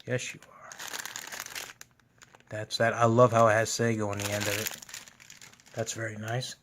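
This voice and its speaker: A man's voice: on the low side, flat delivery, normal speed, background noise. A man hosting a gaming channel, giving casual, enthusiastic unboxing commentary at home. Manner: enthusiastic, gushing.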